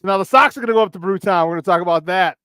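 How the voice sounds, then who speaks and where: A man hosting a casual morning sports talk show, energetic and slangy, greeting viewers by name and laughing often. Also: sits high, rapid-fire, clean tone, dry recording, clean studio sound.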